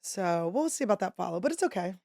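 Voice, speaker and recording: A woman in her thirties hosting a podcast, telling a story in casual chat and acting out quotes in a higher voice. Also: fast. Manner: animated, acts out quotes in a high voice. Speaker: podcast host.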